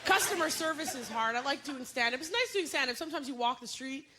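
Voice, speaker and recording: High-pitched woman doing stand-up, animated, lots of loud crowd laughter behind her. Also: quick pace, very noisy. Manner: animated, jumps into shrill impressions. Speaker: stand-up comedian. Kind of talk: stand-up comedy set. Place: comedy club stage with a live audience. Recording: loud audience laughter and room ambience.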